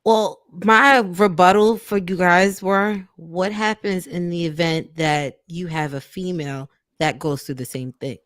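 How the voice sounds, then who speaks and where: A woman with a lowish voice makes a firm, matter-of-fact rebuttal on a podcast panel. She sounds close and dry. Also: a little slow, few pauses, no room sound. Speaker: panel guest. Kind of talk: casual group discussion.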